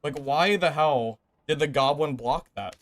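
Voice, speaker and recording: A man's voice: on the high side, unhurried. Frustrated male game streamer ranting. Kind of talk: live gameplay commentary.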